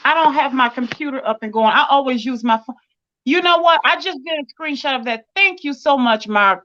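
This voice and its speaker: A woman talks as a livestream guest, animated and expressive, with a high voice. Her sound comes through dull and lo-fi. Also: a little fast. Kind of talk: casual livestream chat.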